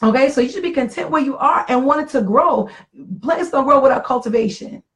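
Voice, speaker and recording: A woman's voice: high voice, a little fast, rough recording. A middle-aged woman in casual talk about marriage, earnest and reflective, repeating phrases for emphasis. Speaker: podcast co-host.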